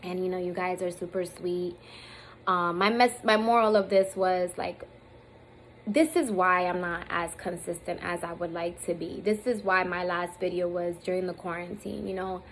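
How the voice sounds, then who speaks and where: Her voice sits on the low side and a bit bright, with fairly even intonation at a moderate pace. She's a thirty-something woman talking heartfelt and casual to her own camera or phone, rambling, full of fillers, and near tears at times. Slight background noise runs through a rough recording.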